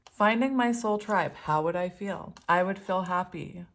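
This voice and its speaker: A woman's voice: medium pitch, fairly bright tone. Chatty woman doing a tarot reading. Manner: rambling and chatty, laughs often. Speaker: tarot reader. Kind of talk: casual spiritual reading.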